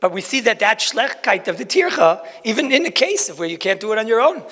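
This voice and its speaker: A man with gives a Talmud lecture in an echoing hall. His voice sits high and gravelly, and he talks in an animated, folksy way full of rhetorical questions and asides. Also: brisk. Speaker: rabbi giving a Talmud lecture. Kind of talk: lecture to a crowd.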